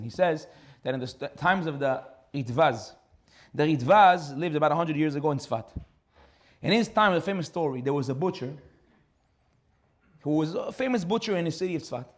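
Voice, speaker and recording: A man, a rabbi giving a Torah class, telling a story with lively acted-out dialogue. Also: high voice. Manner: animated, acts out dialogue in a story.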